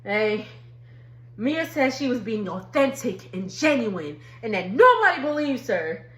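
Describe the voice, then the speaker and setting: A woman's voice: on the high side, very animated, measured pace, a bit bright, echoey room. A woman, chatting casually through a TV recap and laughing as she acts out quotes. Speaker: reality TV recap YouTuber.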